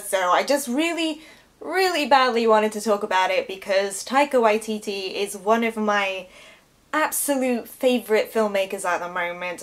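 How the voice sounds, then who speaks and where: Gushing woman vlogger. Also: on the high side. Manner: gushing, enthusiastic. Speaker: film review vlogger. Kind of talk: casual review vlog.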